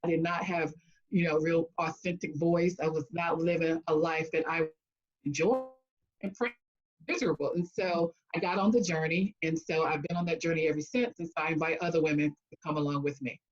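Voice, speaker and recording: Heard through a muffled recording, a woman with a low voice speaks briskly. She's a speech-language pathologist and coach answering an interview by relating a personal story, animatedly performing the quotes and laughing frequently.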